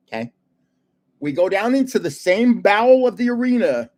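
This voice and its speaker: An older man hosting a trading card live stream, telling stories in an animated way, laughing often and chatting with viewers. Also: high voice, moderate pace. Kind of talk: casual live-stream chat and storytelling.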